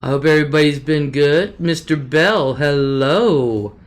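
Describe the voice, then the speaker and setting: Slow, chatty woman hosting a live stream. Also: deep voice. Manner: chatty, greets viewers by name, swears freely. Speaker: livestream host. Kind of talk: casual live chat, reading viewer comments. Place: at home at her desk.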